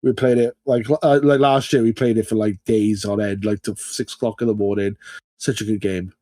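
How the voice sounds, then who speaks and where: A man's voice: fairly low pitch, fairly even intonation, fairly quick, dark tone, no echo. A British man co-hosting a podcast, chatting casually and animatedly, laughing often and trailing into fillers. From United Kingdom. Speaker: podcast co-host. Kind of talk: casual chat.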